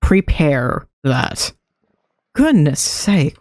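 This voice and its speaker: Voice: mid-range voice, lively intonation, unhurried, dry recording, clean studio sound. A streamer giving casual gameplay commentary, muttering and thinking aloud to themself.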